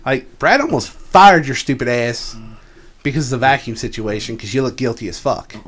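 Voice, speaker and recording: A man's voice: medium pitch, animated, moderate pace, fairly bright tone. A man co-hosting a podcast, talking casually and bluntly, heavy on swearing as he vents about his job. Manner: blunt and profane, venting about work. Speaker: podcast co-host. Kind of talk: casual chat.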